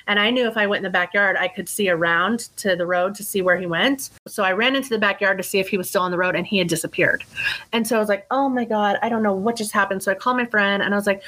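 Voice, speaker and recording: A young adult woman, a guest on a talk podcast, telling a story in an animated way, acting out her own quotes and swearing casually. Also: medium pitch, quick pace, low-quality recording. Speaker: psychic life coach, guest.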